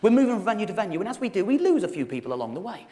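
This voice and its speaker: A man in his thirties from England, doing stand-up storytelling on stage and acting out dialogue with animated, rising outbursts. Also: rapid-fire. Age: 30s. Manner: animated, acts out dialogue with rising shouty pitch. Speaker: stand-up comedian. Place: theatre stage with live audience. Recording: live hall with long reverb. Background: audience laughter.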